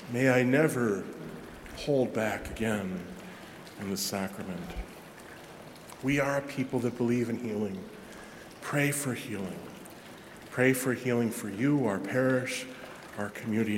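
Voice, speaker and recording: A man, a Catholic parish priest, preaching a sermon in a chatty, self-deprecating way with lively asides. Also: fairly low pitch, measured pace, pauses often, slight background noise. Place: large church. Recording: echoey church with long reverb.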